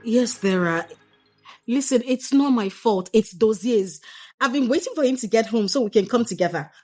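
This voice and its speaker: A neglected young wife with a Nigerian accent, high-pitched and wildly animated as she accuses her husband and repeats herself. Faint film music runs underneath. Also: moderate pace. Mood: annoyed. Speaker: actress in a film. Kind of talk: film drama acting.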